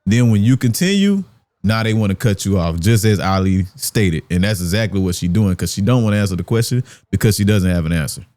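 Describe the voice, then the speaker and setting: Man, reaction commentary, lowish voice, firm, explanatory, dry close sound. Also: animated, fairly quick, a little mellow, no room sound.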